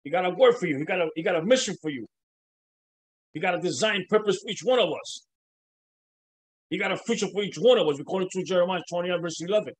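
An impassioned male preacher with a voice pitched a little above most men's. He preaches in loose, repeating bursts, stumbles over his words, and slips in casual slang. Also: fast talker, pauses often, rough recording. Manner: casual slang like "man" and "bro". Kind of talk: sermon.

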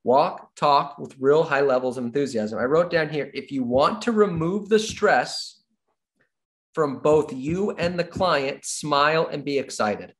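A man coaching real estate agents with plenty of energy, his pitch swinging widely up and down. He drills his key points over and over and slips into playing both sides of short client conversations. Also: unhurried. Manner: animated, acts out little dialogues with clients. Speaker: real estate sales trainer. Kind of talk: energetic sales training talk.

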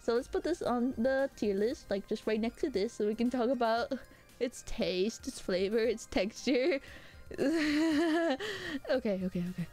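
A woman streaming live who chats casually with her viewers, animated and prone to high squealing outbursts and laughter. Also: moderate pace, faint music behind.

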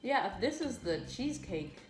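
A woman's voice: medium pitch, big pitch swings, normal speed, echoey room, music in the background. A woman hosting a casual food review vlog, chatty and joking, teasing herself as she tastes. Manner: chatty, joking, self-deprecating.

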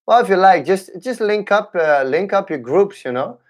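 Young guy teaching capoeira, chatting on a live stream, kinda high voice, stops and restarts a lot. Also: lively intonation. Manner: halting, with many restarts and fillers. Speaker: capoeira instructor. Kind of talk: casual livestream chat.

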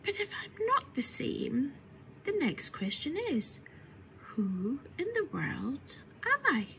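A woman voicing a curious, fretful little Victorian girl in a storybook reading, switching between a bright voice and hushed whispers. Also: high voice, wildly swooping pitch, slow, vocal fry, slight background noise, pitched above the performer's own voice, heavily acted, poor audio. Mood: puzzled.

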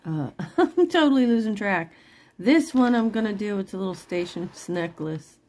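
A woman's voice: mid-range voice, lively intonation, normal speed, darkish tone. A middle-aged woman selling jewelry online in casual, rambling chat, laughing often and apologizing after she curses. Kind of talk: casual live-sale chat.

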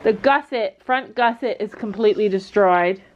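A middle-aged woman chatting casually to camera in a family vlog, thinking out loud and turning bossy when she sets rules. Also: mid-range voice, moderate pace. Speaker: family vlogger. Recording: dull lo-fi camera audio with faint noise.

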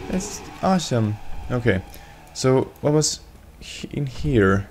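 A man's voice: on the low side, expressive, measured pace, hardly any pauses, soft background music. A young man giving jokey gameplay commentary as a let's play host, bursting into yelps and swearing and teasing the game monsters. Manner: talks to game monsters in mock voices.

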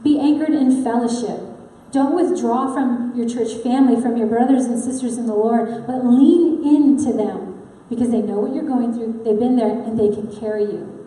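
Woman, sermon, earnest and personal, conversational fillers, dark mellow tone, very roomy church echo. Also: on the high side, moderate pace, hardly any pauses. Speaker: preacher. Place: church sanctuary. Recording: echoey hall with long reverb.

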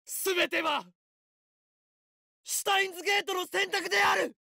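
A man's voice: very high voice, steady tone, fast talker, gravelly, crowd noise. An actor voicing a grandiose young male mad scientist in a visual novel, proclaiming his lines theatrically. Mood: triumphant. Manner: theatrical, proclaiming, shouted declarations.

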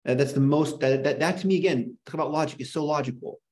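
A man's voice: on the high side, fast, darkish tone. A man lecturing a small class in an impassioned, worked-up rant. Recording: echoey room.

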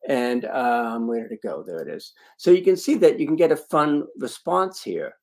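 An online video marketing trainer, a man with a medium-pitched, darkish voice, runs a live training webinar at a moderate pace. He talks through a screen-share demo, punching key words and adding chatty asides to attendees.

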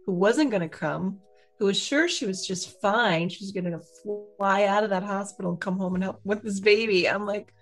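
A woman's voice: medium pitch, moderate pace, soft background music. A woman hosting a podcast, giving supportive replies and then telling her own family story in a chatty way. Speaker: podcast host. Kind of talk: casual interview chat.

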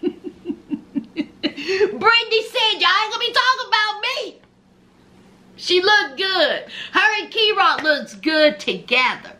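Woman, sassy reality-show recapper: high, bright voice, swoops up and down as she gossips. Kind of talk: animated show recap commentary.

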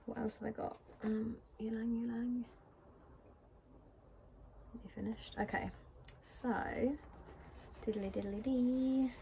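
A woman's voice: fairly high pitch, little pitch movement, slow, vocal fry, long pauses, a little mellow, a little hiss or hum. A British woman vlogging in a casual, rambling way, thinking aloud as she packs. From Britain. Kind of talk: casual chat while packing.

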